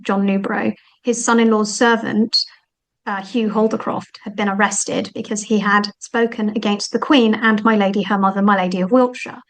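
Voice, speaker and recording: A woman talking as the guest author in an interview, animated and thinking aloud with frequent fillers. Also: mid-range voice, poor audio. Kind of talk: conversational interview.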